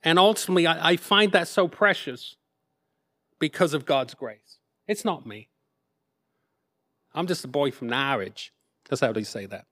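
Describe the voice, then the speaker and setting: A man's voice: fairly high pitch, moderate pace, pauses often, a bit bright. An English man in his fifties, a missionary telling his story as a sermon testimony, self-deprecating and rambling into asides. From England. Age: 50s. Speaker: missionary speaker.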